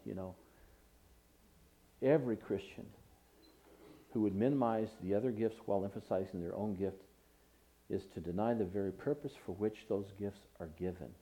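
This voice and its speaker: A man's voice: fairly low pitch, mellow, rough recording. A male pastor preaching a sermon, reading scripture aloud with rising emphasis.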